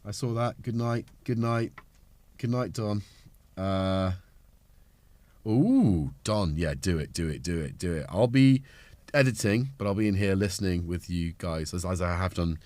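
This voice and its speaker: Here the middle-aged streamer, nursing a cold, sounds deep and a bit dark, talking at a normal speed with no room sound at all. He chats casually and self-mockingly, wandering from topic to topic while working on his gear.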